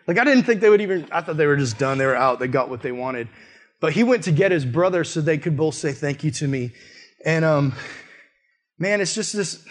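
A young man, a missionary, preaching a sermon through a personal story in a casual way, full of "like", and jumping high and loud when he acts out his own reactions. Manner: animated storytelling, often rising high and loud in quoted outbursts; casual, peppered with "like".

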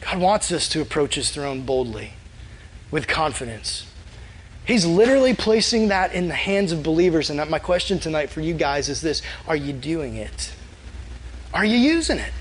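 A man's voice: on the high side, very animated, moderate pace, slight background noise, low-quality recording. A young man preaching a casual, conversational sermon as a youth pastor, often acting out prayers in a quoted voice.

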